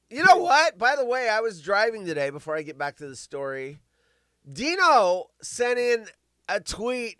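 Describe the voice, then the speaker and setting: A middle-aged man hosting a live show, rambling and swearing, with big swings between loud bursts and mumbling. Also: high voice, clean tone, dry recording. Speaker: podcast host. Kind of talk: casual live-stream chat.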